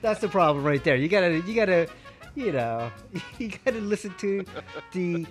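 A man's voice: high voice, lively intonation, moderate pace, faint music behind. A man co-hosting a hobby podcast in loose, joking chat, swearing freely and laughing often. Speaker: podcast co-host.

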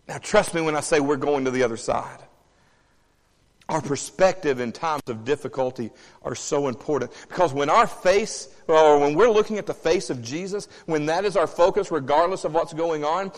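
A male pastor preaching a sermon, animated, asking the congregation questions and swinging between loud, quick passages and low, quiet ones. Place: church sanctuary. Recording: long hall reverb.

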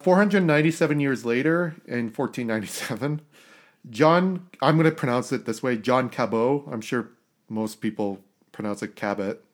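A man's voice: mid-range voice, animated, moderate pace. A man from Canada hosting a casual history podcast, rambling, correcting himself and chuckling at his own asides. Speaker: podcast host.

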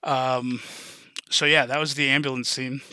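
Bright-toned man recapping a movie. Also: mid-range voice, flat delivery, unhurried, clean tone, no room sound. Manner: enthusiastic, rambling retelling with fillers and swearing. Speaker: podcast host. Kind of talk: casual movie recap chat.

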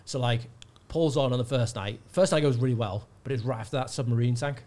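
Animated comedian telling stories. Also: male voice, medium pitch, a little fast. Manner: animated storyteller, shouts out quoted hecklers. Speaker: guest comedian. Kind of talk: casual storytelling chat.

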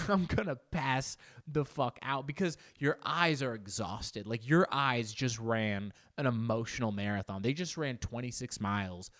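A man's voice: mid-range voice, unhurried, a bit bright. A young man rambling through a casual vlog with self-mocking humor and plenty of restarts. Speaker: vlogger. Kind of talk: casual talking-to-camera vlog.

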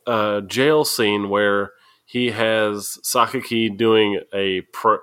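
A male podcast co-host who talks in an animated, rambling way and laughs often. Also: on the low side, takes it slowly, clear, resonant tone. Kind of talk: casual podcast chat.

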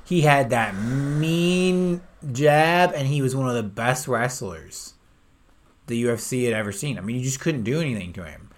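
Podcast co-host, male, mid-pitch, excitable, quick to laugh, casual. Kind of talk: casual chat.

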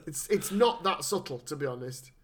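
A man co-hosting a casual, sweary chat, animated and fond of putting on mock voices. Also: fairly high pitch, normal speed, slight background noise. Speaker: podcast co-host.

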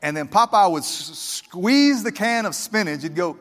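A man's voice: sits high, expressive, normal speed, a bit bright, in a large hall. A male pastor preaching a fervent, conversational sermon straight to his congregation.

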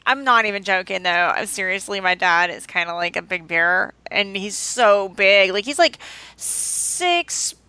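A woman co-hosting a podcast, chatting in an excitable, bubbly way and laughing often. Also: medium pitch, measured pace, smooth, no room sound. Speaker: podcast co-host. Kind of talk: casual chat.

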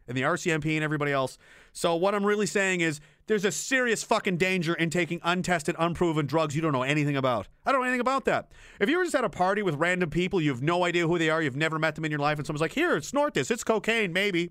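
A young man, a streamer and military veteran, rants casually and without a script, blunt and full of profanity, often trailing off and starting over. His voice is fairly high, smooth, resonant and a bit bright, recorded dry and close without room echo.

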